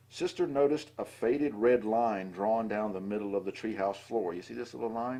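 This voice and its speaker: Husky older man reading a children's book. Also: lowish voice, moderate pace, few pauses, warm tone. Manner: adds asides and chatty commentary between lines. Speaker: storybook reader.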